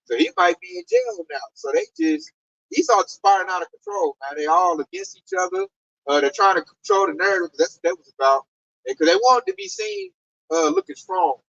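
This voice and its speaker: A man teaching scripture in a loose, streetwise way. His voice is high and gravelly, and it swings up and down. He sounds set back from the microphone on a dull, muffled recording. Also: brisk, no room sound, distant mic. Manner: animated, streetwise, scornful asides. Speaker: Bible teacher. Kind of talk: preaching scripture in casual talk.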